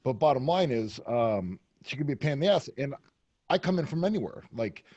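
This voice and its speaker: A man's voice: mid-range voice, lively intonation, a little fast, darkish tone, muffled recording. A man as a podcast guest, talking in a brash, profane, candid way with lots of fillers, close to the mic. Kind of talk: candid casual interview talk.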